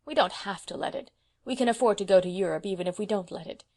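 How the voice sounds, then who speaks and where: A woman voicing a proud, brisk spinster of seventy, speaking emphatically and sternly. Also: medium pitch, creaky.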